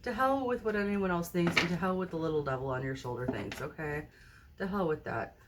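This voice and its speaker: Chatty woman with a low voice reading tarot. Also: brisk, very noisy. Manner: chatty, keeps checking in with the viewer. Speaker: tarot card reader. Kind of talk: casual tarot reading to camera. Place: indoors at a table, at home. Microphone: phone camera mounted high overhead.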